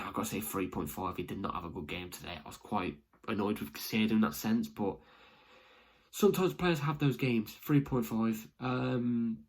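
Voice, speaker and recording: Young man, slightly husky voice, excitable fan reaction, rambling, recorded at home. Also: lowish voice. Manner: rambling, excitable, restarts often. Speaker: football fan vlogger.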